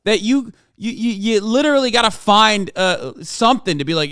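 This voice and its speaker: A man's voice: sits high, big pitch swings, moderate pace, hardly any pauses, bright, forceful tone, clear, resonant tone, dry recording, studio quality. A male streamer giving casual reaction commentary in a blunt, profane, argumentative way.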